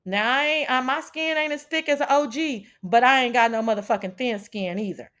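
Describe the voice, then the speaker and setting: A woman's voice: on the high side, a little fast, fairly bright tone. A woman hosting a casual livestream chat, brash and profane as she talks back to her chat. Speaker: livestream host.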